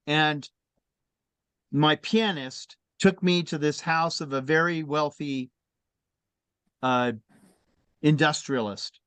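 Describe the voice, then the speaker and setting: Animated storytelling man, dry sound. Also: fairly high pitch, no echo. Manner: animated, laughs often while telling stories. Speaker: speaker in a faith discussion. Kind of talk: conversational storytelling talk.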